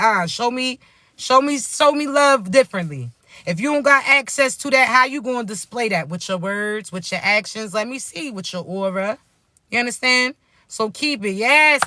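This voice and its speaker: A woman with a bright, forceful voice gives spiritual coaching advice straight into the camera. She is blunt and profane and does not sugarcoat anything, calling her listeners baby between preachy asides. The sound is close and dry. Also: fairly high pitch, no room sound. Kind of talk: casual motivational vlog talk.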